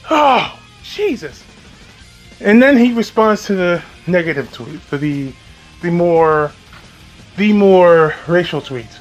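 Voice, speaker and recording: A man giving profane reaction commentary, sarcastic and mocking, with frequent swearing and laughter. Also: high voice. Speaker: commentary YouTuber. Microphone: home recording, off camera.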